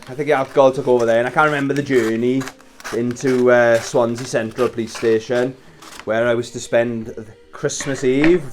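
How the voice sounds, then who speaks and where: A man's voice: medium pitch, slight background noise. Man telling a story, swearing freely. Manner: chats while wrapping presents. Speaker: vlogger. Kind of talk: casual storytelling. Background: Christmas music playing faintly.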